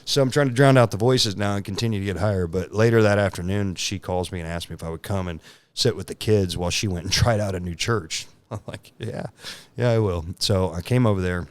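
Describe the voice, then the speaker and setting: A man's voice: low-pitched, fast talker, dry recording. A man in his thirties, a podcast guest, telling a candid personal story in casual talk, laughing often and acting out the lines he quotes.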